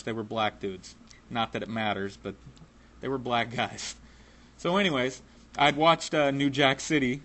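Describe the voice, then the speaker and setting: A man's voice: on the low side, a bit bright. A man telling a personal story in a casual, profane way, laughing now and then.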